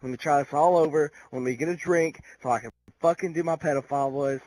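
A man rapping along to a song over gameplay, cursing and yelling in frustration between tries. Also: on the high side, fast talker, low-quality recording. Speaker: gaming video creator.

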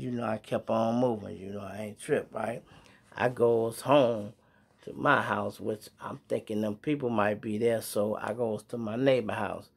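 A gravelly, medium-pitched voice belongs to a middle-aged Chicago man with a Chicago accent. He tells street stories to his viewers in casual, slang-heavy talk, acting out sounds and voices like an animated storyteller.

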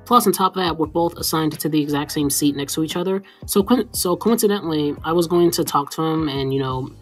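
Rambling woman with a low voice telling a story. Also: fairly quick, faint music behind. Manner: rambling, with frequent fillers. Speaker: story time vlogger. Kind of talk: casual storytelling.

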